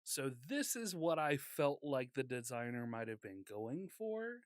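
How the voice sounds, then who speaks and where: A man's voice: medium pitch, very animated, unhurried, no echo. A man co-hosting a casual podcast chat, joking and laughing often. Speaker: podcast co-host.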